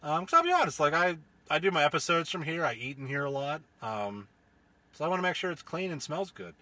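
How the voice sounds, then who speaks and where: A man's voice: a little high, big pitch swings, a little fast, bright, forceful tone, no echo. A young man, hosting a casual solo podcast from inside his car, rambling, profane and joking. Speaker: podcast host.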